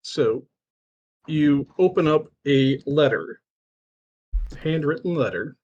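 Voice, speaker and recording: Male game master, slow measured narration. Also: a little high, darkish tone, highs cut off.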